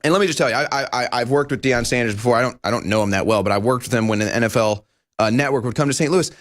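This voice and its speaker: A man hosting a studio talk show, delivering an animated political commentary monologue with emphatic rhetorical questions. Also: medium pitch, very fast. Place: broadcast studio.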